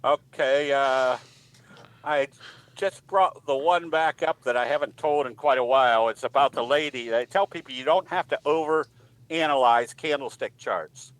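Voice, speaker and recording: A man presenting in a trading webinar, talking in a relaxed way and telling a joke, with some ums. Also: mid-range voice, normal speed, no echo, low-quality recording. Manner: relaxed storyteller with frequent ums. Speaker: trading educator, guest presenter.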